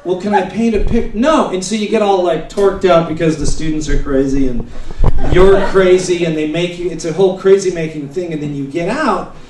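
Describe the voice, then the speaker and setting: Brief: male stand-up comic, loose rambling storyteller who bursts into shouted bits, echoey live-venue sound. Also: on the high side, a little fast, slight background noise. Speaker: stand-up comedian. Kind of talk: stand-up comedy set. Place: comedy stage before a laughing audience. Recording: roomy live venue, mic heard from a distance.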